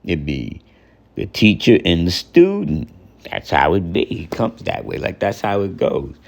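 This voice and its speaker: A man's voice: deep voice, huge pitch swings, measured pace, vocal fry. A man giving an informal spoken lesson. He rambles and repeats himself, counts off terms one by one, and keeps checking with the listener. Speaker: teacher of religious lessons.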